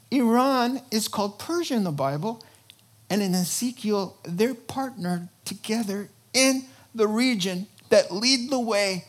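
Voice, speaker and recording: Lively, slow-paced preacher giving a sermon. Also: mid-range voice. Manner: animated and joking, asks the crowd questions and acts out quoted voices. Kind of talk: sermon on end-times prophecy.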